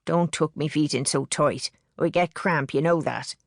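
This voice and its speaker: A woman's voice: low voice, vocal fry, dry recording, clean studio sound, heavily acted. Woman voicing a fretful old Liverpool woman. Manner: slow, blunt dialect speech. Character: elderly bedridden Liverpool woman, fretful and lecturing.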